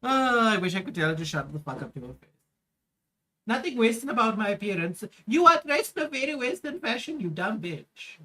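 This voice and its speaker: A woman's voice: a little high, big pitch swings, brisk, bright, forceful tone, a little hiss or hum. A woman streamer reacting to clips in a profane, mocking rant, swearing heavily.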